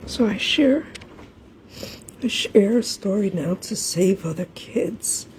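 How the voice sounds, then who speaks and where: A grieving mother crying and speaking in a hushed, often whispered voice in an emotional appeal. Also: mid-range voice, animated, takes it slowly, slight background noise. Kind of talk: emotional live video appeal.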